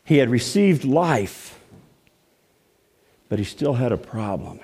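A man pastor preaching a storytelling sermon, animated, dropping to hushed tones and rising to loud exclamations. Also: mid-range voice, slow, long pauses, husky. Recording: long hall reverb.

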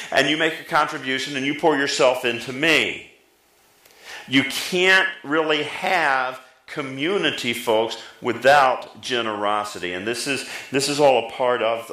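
A middle-aged man preaching a sermon as pastor, lively, often rising in pitch for emphasis and drawing answers from the congregation. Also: echoey room, rough recording. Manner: lively, pitch jumping up for emphasis, talks back and forth with the congregation.

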